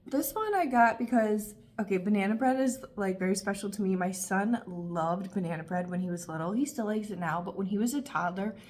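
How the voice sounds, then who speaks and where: A woman in her thirties talking casually and warmly about candles, gushing and chatty with lots of fillers. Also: medium pitch, fairly quick, few pauses. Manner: gushing, emotional, talkative with frequent fillers. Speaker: candle reviewer. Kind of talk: casual review vlog.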